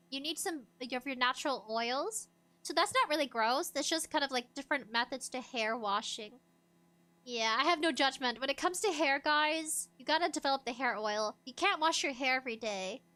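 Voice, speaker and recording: A woman streamer chatting casually on a livestream while reacting to a video. Her voice is high-pitched and bright, and she is giggly and animated, laughing often. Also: normal speed. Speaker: VTuber streamer.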